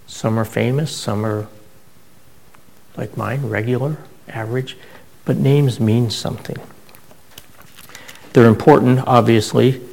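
A man's voice: mid-range voice, fairly even intonation, a little slow, creaky, long pauses, darkish tone, low-quality recording. A middle-aged man preaching a sermon, telling stories in a conversational way with frequent restarts. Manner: conversational storytelling with many restarts.

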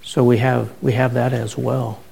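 A man's voice: medium pitch, flat delivery, normal speed, gravelly, warm tone, husky, low-quality recording. A middle-aged man preaching a sermon, telling stories in a conversational way with frequent restarts. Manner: conversational storytelling with many restarts.

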